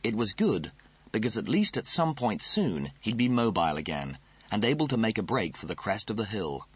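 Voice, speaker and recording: A man narrating an audiobook in a measured, dry storytelling manner. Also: on the low side, very animated, husky.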